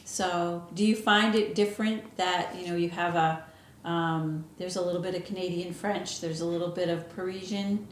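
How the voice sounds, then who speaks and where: A woman's voice: lowish voice, steady tone, moderate pace, few pauses. A woman from the United States who works at a library, hosting a casual interview and chatting with many fillers and restarts. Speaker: interview host, library staff. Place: library room. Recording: echoey room, faint noise.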